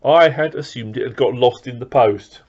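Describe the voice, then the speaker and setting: Middle-voiced man, unhurried unboxing chat full of ums and restarts; muffled lo-fi home recording. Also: mid-range voice, darkish tone, slightly rough. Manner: rambling, with many fillers and restarts. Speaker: record collector vlogger.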